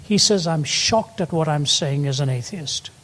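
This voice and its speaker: A man's voice: fairly high pitch, moderate pace, fairly bright tone. An older man preaching a sermon, telling stories and rising to emphatic peaks. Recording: long hall reverb.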